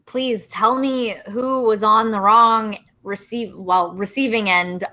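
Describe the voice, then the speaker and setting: A woman's voice: on the high side, fairly even intonation, sharp tone. A woman co-hosting a comedy podcast in casual chat, reacting to her co-host with disbelief. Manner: incredulous, quick to react.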